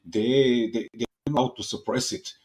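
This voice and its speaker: A podcast host from Serbia, a man speaking English, talking in an excitable, casual way, often repeating words and restarting. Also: mid-range voice, moderate pace. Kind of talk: casual interview chat.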